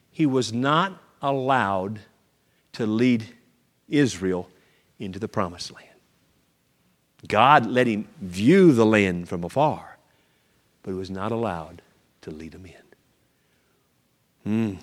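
A male pastor preaching a sermon, animated storytelling with acted-out voices and sudden shouts. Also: mid-range voice, in a large hall.

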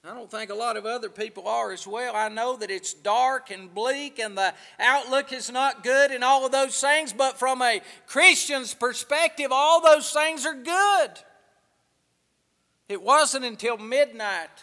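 A man preaching a sermon, swinging between hushed asides and loud, drawn-out emphasis. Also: extremely high pitch, gravelly, long reverb tail. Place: church.

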